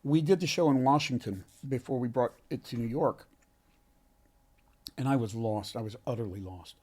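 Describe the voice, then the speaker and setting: A man, an actor being interviewed, telling a heartfelt story in an earnest, halting way with many restarts. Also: medium pitch, a little mellow. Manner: halting, frequent restarts and self-corrections. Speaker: actor, podcast guest.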